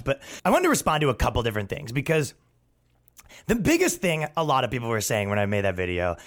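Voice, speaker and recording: A man hosting a podcast, ranting in a crude, sarcastic way and mocking others, swinging between loud outbursts and low asides. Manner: profane, sarcastic, mocking, with put-on voices for others. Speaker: podcast host and stand-up comedian. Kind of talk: casual ranting monologue.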